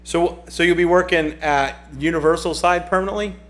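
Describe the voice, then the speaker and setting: A man's voice: fairly high pitch, steady tone, brisk, a bit bright. A man hosting a casual livestream, chatting and reading viewer comments aloud in a rambling way that often repeats itself. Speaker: livestream host.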